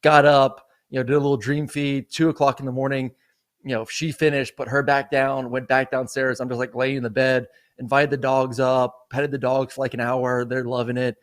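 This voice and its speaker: A man's voice: mid-range voice, flat delivery, moderate pace. A man in his thirties co-hosts a casual sports talk show. His voice sits in a plain middle register, and he rambles through anecdotes with frequent fillers and restarts. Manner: rambling storyteller, many "you know" and "like" fillers. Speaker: co-host. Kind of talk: casual sports podcast chat.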